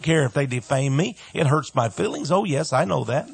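A man preaching a radio sermon with great emphasis, dropping to soft asides and rising to loud cries, sometimes mimicking his critics in mocking voices. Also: on the high side, animated, moderate pace, vocal fry, husky, dry recording.

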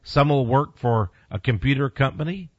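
A male preacher delivering a forceful sermon, lurching from quiet to loud and from low to high. He slows right down to read scripture deliberately, and he talks to his listeners bluntly and directly. His voice sits in a middle range and comes through a dull, lo-fi recording with no room sound. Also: animated, no room sound. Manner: emphatic preaching with big swings in pitch and loudness; reads scripture slowly and deliberately.

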